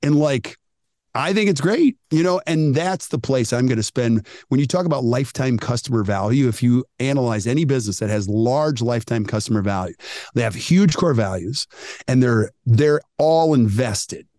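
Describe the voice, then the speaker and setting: A man coaching dental teams on a podcast, emphatic and animated, acting out what customers say. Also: mid-range voice, normal speed, dry recording. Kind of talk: energetic podcast talk.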